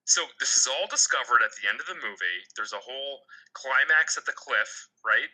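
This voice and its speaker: A man's voice: medium pitch, animated, sharp tone, low-quality recording. A man co-hosting a comedy podcast, recapping a movie in casual chat and often checking in with his co-host. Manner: chatty, prompting his co-host with quick check-ins.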